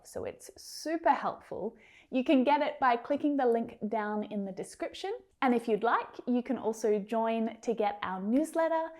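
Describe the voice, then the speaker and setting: In a scripted lesson on English pronunciation, a woman with an Australian accent carefully and clearly enunciates single words. Her voice is on the high side and mellow, and she speaks directly and encouragingly to her learners.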